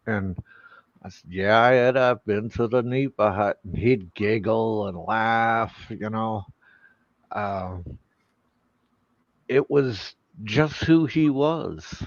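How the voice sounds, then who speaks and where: A man speaking slowly and hesitantly in a casual chat, with many fillers. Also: mid-range voice, fairly bright tone, no echo. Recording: dull lo-fi stream audio.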